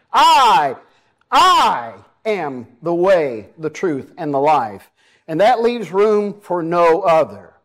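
A man with a Southern US accent preaching a sermon as pastor, folksy and emphatic, with self-deprecating asides. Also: sits high.

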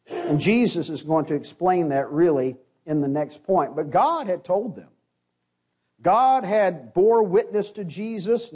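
A man with a notably high voice delivers a sermon. He works through scripture passage by passage and reads the verses aloud in an earnest, explanatory way. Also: darkish tone. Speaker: preacher.

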